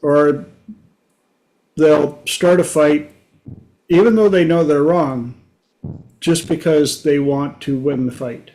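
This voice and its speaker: A man hosting his own talk show, telling stories in a folksy, unhurried way. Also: on the high side, dark tone. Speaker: podcast host. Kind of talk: casual monologue.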